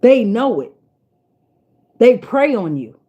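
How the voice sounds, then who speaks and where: Woman, tarot reader, casual spiritual vlog, fairly high voice, blunt, preachy and profane. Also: very animated, takes it slowly, mellow, muffled recording. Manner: emphatic, repeats herself for weight.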